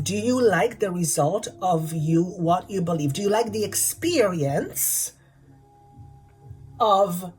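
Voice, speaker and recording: A woman's voice: mid-range voice, a little mellow, low-quality recording. A woman channeler and energy healer giving a spiritual guidance talk, repeating her key questions for emphasis.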